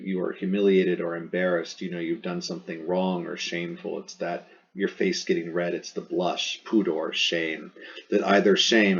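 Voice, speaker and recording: Slow, low-voiced man teaching Latin. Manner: patient, explanatory, with wry asides. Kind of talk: line-by-line translation lesson. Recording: dull lo-fi recording.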